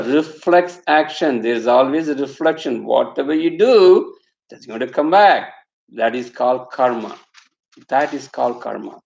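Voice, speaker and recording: Ein Mann mit indischem Akzent hält einen spirituellen Vortrag und erzählt anschaulich eine Lehrgeschichte. Seine Stimme ist leicht knarzig, der Raum klingt hallig. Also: male voice, mid-range voice, gravelly. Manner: storytelling, acts out quotes, rhetorical asides. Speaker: spiritual teacher. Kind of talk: satsang talk with storytelling. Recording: echoey room, slightly dull sound.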